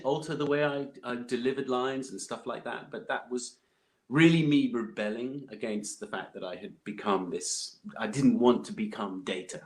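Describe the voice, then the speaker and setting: A man, chatting as a podcast guest, rambling with many fillers and restarts. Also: medium pitch. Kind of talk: casual interview chat.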